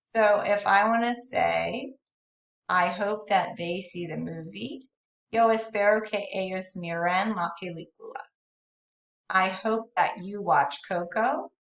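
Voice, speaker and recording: A woman's voice: mid-range voice, takes it slowly, gravelly. A woman teacher giving a recorded lesson from home, explaining patiently and with apologetic asides. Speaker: Spanish teacher. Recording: roomy, distant, echoey room.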